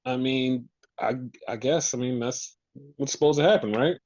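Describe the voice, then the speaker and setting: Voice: mid-range voice, moderate pace, a little mellow. A podcast co-host ranting in exasperation through a casual wrestling recap, swearing often. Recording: dull lo-fi sound.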